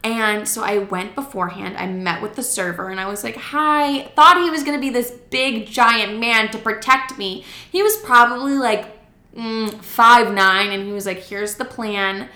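A woman's voice: mid-range voice, normal speed, pushed and bright, echoey room. A young woman telling a casual story time, chatty and swearing, acting out the quotes. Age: young adult.

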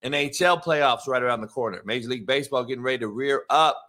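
Bright-voiced hyped man hosting a podcast. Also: medium pitch, fast. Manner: hyped, profane, slangy. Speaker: podcast host. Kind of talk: casual solo podcast chat.

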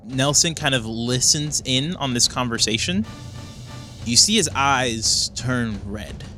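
A man running a tabletop game as game master, narrating scenes in a quick, descriptive way with fillers. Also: medium pitch, lively intonation, pushed and bright, faint music behind.

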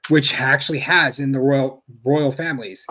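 A man's voice: medium pitch, steady tone, moderate pace, bright, forceful tone, a little hiss or hum. A man co-hosting a podcast in casual chat, thinking aloud with frequent restarts. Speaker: podcast co-host.

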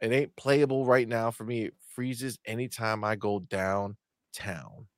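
A man's voice: lowish voice, fairly even intonation, measured pace, dry recording, clean studio sound. A man co-hosting a podcast, chatting casually and joking, reading out live chat, slipping into silly voices. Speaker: podcast co-host.

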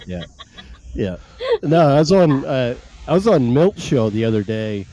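A man's voice: medium pitch, very animated, a little slow, warm tone, poor audio. A man hosting a casual podcast, rambling with many fillers and laughing at himself. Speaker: podcast host.

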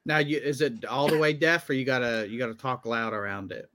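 A man's voice: mid-range voice, fairly even intonation, a little fast, sharp tone. A man co-hosting a comedy podcast, asking probing questions and landing crude punchlines in casual banter. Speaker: podcast co-host.

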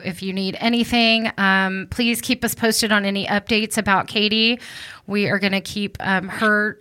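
A woman's voice: medium pitch, bright, forceful tone. A woman hosting a podcast interview, earnest and emotional, near tears, with frequent ums and restarts. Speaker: host.

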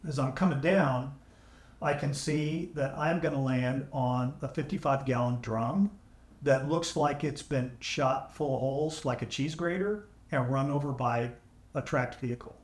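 A man guest on a podcast, telling his memories as a veteran at a measured pace with dry humor. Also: mid-range voice. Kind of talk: conversational storytelling. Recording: echoey, AI-restored audio.

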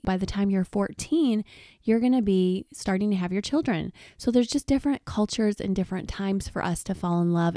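A woman in her forties, chatty and laughing often, telling personal stories in a relaxed podcast monologue. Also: medium pitch, no room sound, clean studio sound. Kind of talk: casual personal storytelling.

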